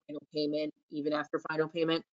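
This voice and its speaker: A woman's voice: deep voice, completely flat delivery, fast talker. Upbeat woman hosting a webinar. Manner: upbeat, chatty, enthusiastic. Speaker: webinar host. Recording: slightly dull lo-fi sound.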